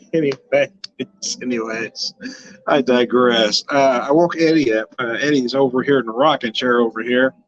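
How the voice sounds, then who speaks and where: An older Southern California man hosts a wine livestream from a room at home, his medium-pitched voice at normal speed over lo-fi sound. He chats casually, rambles, laughs a lot, and swears now and then.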